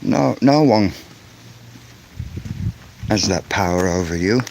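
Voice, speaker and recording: Slow, angry ranting man. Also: low voice, expressive, creaky, darkish tone, a little hiss or hum. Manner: angry, insistent, repeats words while ranting. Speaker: vlogger. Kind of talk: ranting vlog monologue.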